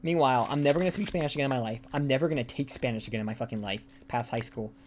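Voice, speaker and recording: A young American man chats casually while streaming a game from a room by a hallway, rambling and swearing freely. His mid-range voice races along.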